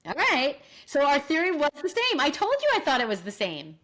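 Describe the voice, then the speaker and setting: A woman's voice: high-pitched, fairly quick. A middle-aged woman co-hosting a podcast, chatting animatedly about reality TV. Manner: animated, exaggerated, laughs often. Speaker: podcast co-host. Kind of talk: casual chat about reality TV.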